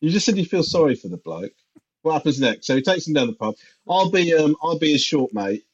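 A man co-hosting a podcast, teasing his partner with quick retorts in casual comedic chat. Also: fairly high pitch, sing-song, slightly rough. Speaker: podcast co-host. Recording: slightly dull lo-fi sound.

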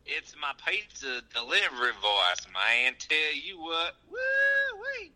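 A man putting on a folksy Southern pizza delivery man with a drawn-out twang. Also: fairly high pitch, huge pitch swings, pushed and bright, heavily acted, rough recording. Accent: put-on Southern drawl.

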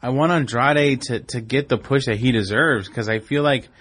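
A man co-hosting a casual wrestling podcast, talking in an excitable way, jumping in often and laughing easily. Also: mid-range voice, normal speed. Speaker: podcast co-host.

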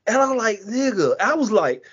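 A podcast co-host in casual chat with a husky voice and an animated, joking manner. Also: medium pitch, normal speed, dull audio.

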